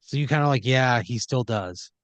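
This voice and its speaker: A man's voice: medium pitch, expressive, normal speed, dry recording. Man, comedy podcast host, improvised storytelling, rambling, filler-heavy, dry close sound. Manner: rambling, many fillers, jumps into quoted voices.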